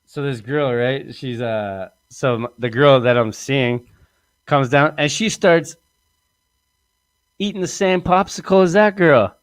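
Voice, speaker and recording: A man's voice: mid-range voice, a little slow, smooth, dry recording. A man hosting a podcast, telling a crude comic story in a rambling way and laughing often. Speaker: podcast host.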